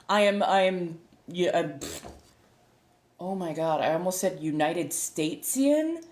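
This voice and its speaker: Chatty American streamer woman, low voice, loose rambling delivery, roomy echo. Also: animated, takes it slowly, a little mellow. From United States. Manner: rambling, laughs often, self-correcting. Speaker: streamer and tarot reader. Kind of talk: casual chat to live viewers. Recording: echoey room.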